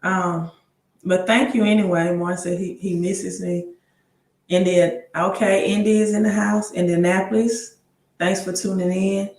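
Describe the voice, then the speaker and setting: High-voiced man hosting a roomy livestream. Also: flat delivery, moderate pace, a little mellow. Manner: greets viewers by city and reads their comments aloud; reads news items aloud, with tag questions. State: tired. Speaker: livestream host giving credit advice. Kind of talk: casual livestream chat. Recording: roomy room with faint ambience.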